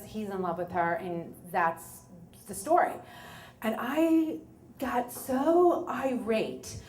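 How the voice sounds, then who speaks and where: A woman's voice: on the high side, echoey room. A woman, telling a true story on stage in a chatty, wry way and quoting herself often. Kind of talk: live storytelling. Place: bar or small venue at a live event.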